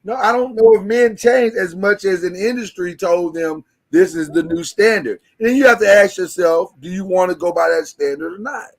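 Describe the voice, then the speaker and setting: A man's voice: high voice, moderate pace, few pauses. Emphatic man hosting a podcast. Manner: emphatic, repeats words when starting a thought. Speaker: podcast host. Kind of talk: casual podcast discussion.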